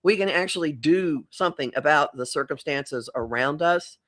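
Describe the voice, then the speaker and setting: A middle-aged woman astrologer, a guest on a casual conversational podcast, speaks in a low voice at a moderate pace. She talks reflectively and rephrases mid-thought.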